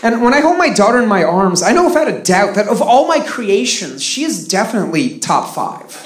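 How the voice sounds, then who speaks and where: A man from Russia doing stand-up on a live stage, his dry, sarcastic lines swinging up and down in pitch. The sound is roomy and echoey, with steady crowd noise and clicks from the venue behind him. It is a live comedy recording. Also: brisk.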